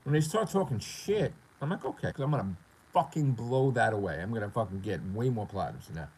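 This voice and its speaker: A man's voice: lowish voice, expressive, fairly quick, a little mellow, slightly rough, rough recording. A man talking casually on his gaming livestream in a profane, boastful, rambling way. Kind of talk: casual live-stream rant.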